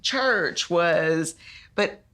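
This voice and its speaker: Animated woman telling stories. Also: on the low side, drawn-out words. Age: 40s. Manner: animated, laughing storyteller. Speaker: guest author. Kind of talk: storytelling in a podcast conversation.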